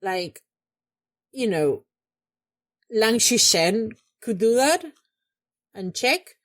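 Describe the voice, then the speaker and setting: A young woman hosting a reaction video, talking back at the screen in casual commentary and getting loud when angry. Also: a little high, animated, drawn-out words.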